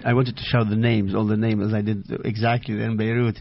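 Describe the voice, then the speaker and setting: A man being interviewed as an author, speaking halting English as a second language, with frequent restarts. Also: on the low side, little pitch movement. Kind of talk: live interview conversation. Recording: dull, dry, muffled sound.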